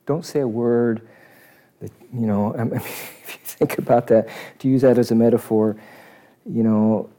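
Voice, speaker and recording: Animated man preaching a sermon. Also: mid-range voice, moderate pace. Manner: animated, acts out crowd voices, swings from loud to hushed.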